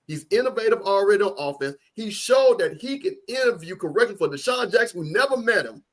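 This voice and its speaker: A man's voice: high-pitched, big pitch swings, brisk, a bit bright. A man co-hosting a casual college football talk stream, giving blunt, opinionated takes and repeating points for emphasis. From Louisiana. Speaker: co-host.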